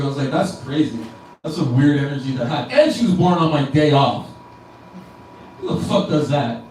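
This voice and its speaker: A man's voice: on the high side, a little mellow, a little hiss or hum. A male stand-up comedian rambling through a profane set, doubling back and restarting his sentences, in a comedy club. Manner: rambling and self-interrupting, profane. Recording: echoey club room from a distant mic. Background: crowd ambience.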